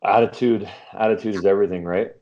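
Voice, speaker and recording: A man's voice: on the low side, fairly even intonation, quick pace, dark tone, lo-fi sound. A man hosting a podcast interview, asking short questions and laughing along with his guest. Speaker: podcast host. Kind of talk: casual interview.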